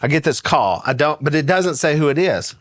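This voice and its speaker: A man's voice: a little high, a little fast, dry recording. A middle-aged man with a Southern American accent, telling a story in casual talk as a guest and laughing as he goes. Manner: animated, laughs through his story.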